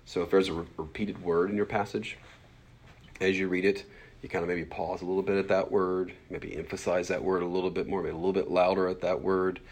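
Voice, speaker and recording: Low-voiced fast-talking man in his forties. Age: 40s. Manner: fast-talking, animated, lots of fillers and acted-out asides. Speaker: pastor teaching a Bible class. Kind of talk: casual classroom teaching.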